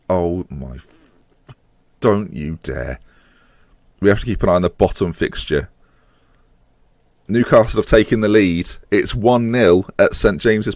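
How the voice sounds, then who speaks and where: A man gives excitable live let's-play commentary on a football management game, groaning and swearing at the match, his voice climbing higher as chances come near. The sound is clean studio quality with no room sound.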